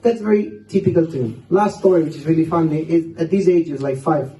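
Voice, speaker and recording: A man's voice: on the high side, fairly quick, mellow, a little hiss or hum. Storytelling man in an echoey hall. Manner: laughs often while telling stories. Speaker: speaker at a youth seminar. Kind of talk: humorous storytelling talk. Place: large hall. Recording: roomy hall, distant mic.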